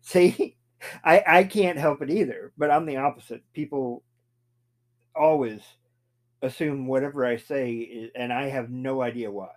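A man co-hosting a casual podcast, teasing dryly in a deadpan way. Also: mid-range voice, measured pace. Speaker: co-host. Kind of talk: casual chat.

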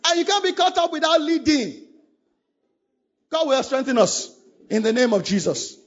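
A man's voice: very high voice, sing-song, normal speed. A man preaching a sermon, urging his listeners with fervent, repetitive lines. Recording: dull lo-fi recording.

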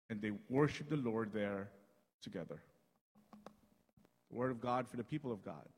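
A man reading scripture in a measured, solemn way during worship. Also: lowish voice, animated, darkish tone, breathy edge. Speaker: scripture reader. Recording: long church hall reverb.

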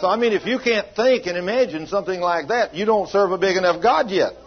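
A fast-talking preacher with a high voice and lively intonation tells a folksy, emphatic healing story as part of his sermon. It was recorded in a church hall, and the sound is dull and lo-fi.

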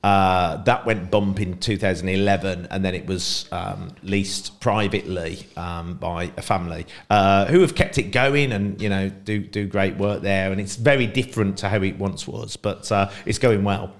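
A middle-aged man tells long stories as a podcast guest. His voice sits a little low, and he rambles casually, leaning on plenty of ums and uhs as he goes. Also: fairly even intonation, moderate pace, hardly any pauses. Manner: chatty, rambling, frequent fillers. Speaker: podcast guest, Pride co-founder. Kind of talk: casual storytelling.

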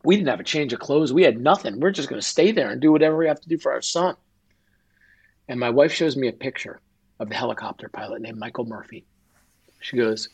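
A man's voice: mid-range voice, lively intonation, brisk, breathy edge. A man, a guest and author, telling an emotional personal story in an interview and acting out quoted dialogue.

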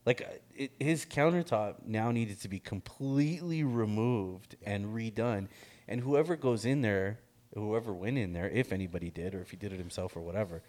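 Middle-aged guy with a low voice, spinning a loose, profane story with plenty of laughs. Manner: animated, laughs often, swears freely, acts out quotes. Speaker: guest telling a story. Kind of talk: casual storytelling chat.

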